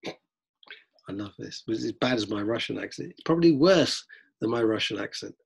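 Husky drama teacher lecturing. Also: male voice, lowish voice, moderate pace. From London, England. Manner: lively, acts out examples, frequent restarts. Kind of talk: lecture-style talk to students.

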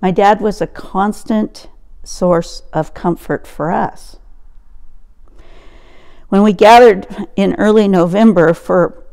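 A woman in her sixties speaks as a pastor with a gravelly texture in her voice. She tells a personal story slowly and earnestly, like a reflective sermon. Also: medium pitch, dark tone. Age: 60s.

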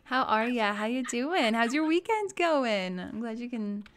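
This streamer's voice is a little high and expressive, and she talks a little slowly. She chats casually over her game on a live stream, giggling often and calling out viewers by name.

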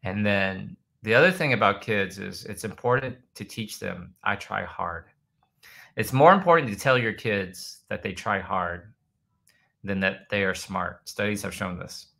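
A man with a low, gravelly voice hosts a laid-back livestream and reads out viewer comments. His tone is bright and forceful, and he rambles loosely, now and then breaking into loud chants to make a point. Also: unhurried, low-quality recording. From United States. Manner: bursts into loud chanting when demonstrating. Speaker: host answering viewer comments. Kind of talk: casual livestream chat.

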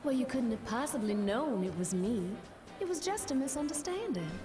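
A woman's voice: sits high, very animated, moderate pace. A woman voicing an earnest, polite young woman who dreams of a restaurant, in game audio with music. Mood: apologetic.

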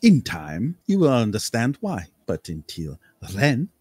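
A man voicing an eccentric, flamboyant male spin master who speaks softly and theatrically, with long lofty pauses. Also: mid-range voice, wildly swooping pitch, breathy edge, no room sound, full character voice. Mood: grandiose. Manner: theatrical, soft-spoken, drawn-out pauses, lofty.

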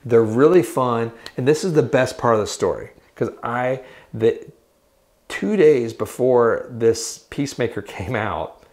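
A man chatting casually as co-host in a guitar shop, with an ordinary middle pitch. He talks in a jokey, rambling way and keeps slipping into sung bits and mock accents. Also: lively intonation, measured pace, darkish tone. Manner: playful, jokey, breaks into sung bits and silly voices. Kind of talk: casual chat. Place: guitar shop in an old bowling alley.

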